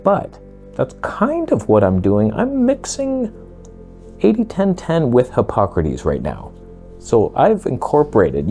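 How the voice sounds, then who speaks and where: A man talking casually to camera as a vlogger, blunt, sarcastic and excitable. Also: mid-range voice.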